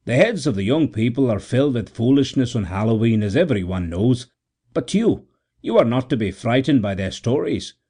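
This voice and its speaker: A man's voice: mid-range voice, lively intonation, moderate pace, warm tone, slightly rough. A man reading the part of a good-natured innkeeper who exclaims and scolds in a raised voice. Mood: chiding. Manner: exclaiming, chiding, curious.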